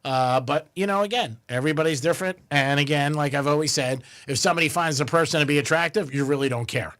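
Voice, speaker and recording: A man's voice: fairly high pitch, fast talker, a bit bright. Rambling man radio host. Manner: loose, rambling, filler-heavy. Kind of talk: casual radio chat.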